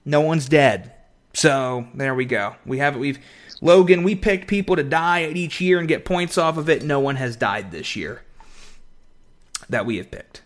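A man's voice: on the high side, measured pace. A man hosting a podcast in casual, rambling chat, swearing now and then. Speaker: podcast host.

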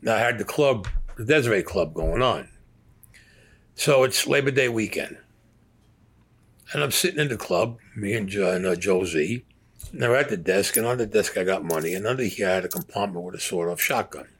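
Give me an older man telling a gritty story, low-voiced and profane. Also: fairly quick, husky. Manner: profane, animated, street-talk storytelling. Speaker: former mobster interviewee. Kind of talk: storytelling interview.

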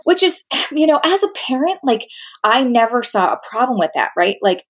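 A woman's voice: a little high, big pitch swings, moderate pace, breathy edge. A woman hosting an interview, talking in a chatty way with many fillers and an occasional sigh. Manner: chatty, filler-heavy, with sighs. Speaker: interview host. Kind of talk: casual interview chat.

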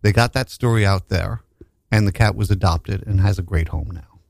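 A man's voice: low-pitched, moderate pace, gravelly, darkish tone, no echo. A man co-hosting a casual radio chat, telling a story in an easygoing way. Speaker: co-host.

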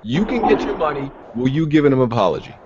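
Mid-pitched man as moderator, firm and steering, lo-fi sound. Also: very animated, fast talker, noisy background. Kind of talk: mediating a casual argument. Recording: dull, lo-fi audio.

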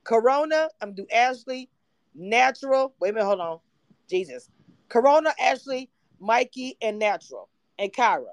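A woman hosting a livestream, chatting animatedly and excitably about a reality show, sometimes breaking into shouts and laughter. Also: on the high side, moderate pace, dry recording. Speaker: livestream host. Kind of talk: casual reality-TV recap chat.

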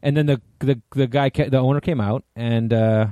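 A man's voice: medium pitch, steady tone, normal speed, warm tone, no echo. A man from Connecticut recounting a bar fight story, emphatic and profane, often agreeing with his friends. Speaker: podcast co-host. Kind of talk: casual storytelling chat.

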